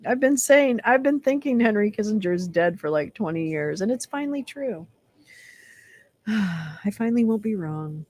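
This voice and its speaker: A woman's voice: medium pitch, lively intonation, measured pace, a little mellow. A woman vlogger reading a website aloud and mocking it with sarcastic, profane commentary. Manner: mocking, sarcastic, laughs between lines, profane asides.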